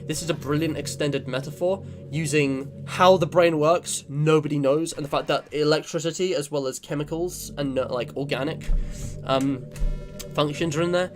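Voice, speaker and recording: A man with a fairly high voice doing casual let's-play commentary, musing aloud as he plays. He goes from low, hushed asides to bright, upbeat outro chatter, with faint music underneath. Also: moderate pace.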